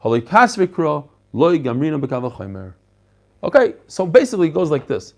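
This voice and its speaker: A middle-aged man gives a spirited daily Talmud class. His voice sits high for a man, and he keeps the lesson conversational, addressing his listeners and switching freely into Hebrew and Yiddish words. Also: moderate pace, creaky. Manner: animated, mixes English with Hebrew and Yiddish terms, talks to listeners directly. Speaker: rabbi teaching a daily Talmud page. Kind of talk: lively Talmud class lecture.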